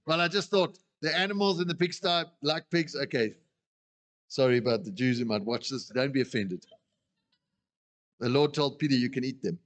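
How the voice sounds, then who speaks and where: A man preaching a sermon who acts out the voices he quotes with animated delivery. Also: mid-range voice, moderate pace, pauses often. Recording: long reverb of a hall.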